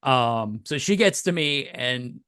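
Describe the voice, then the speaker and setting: A man's voice: medium pitch, lively intonation, takes it slowly, fairly bright tone, clear, resonant tone, no room sound, clean studio sound. A middle-aged man co-hosting a podcast, telling a rambling story in casual chat and getting emotional as he goes. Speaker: podcast co-host.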